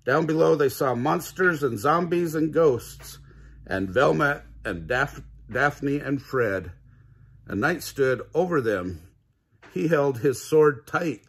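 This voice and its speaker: A man's voice: a little high, expressive, slow, husky. An older man reading a children's picture book aloud, chuckling often between lines. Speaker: grandfather reading to kids.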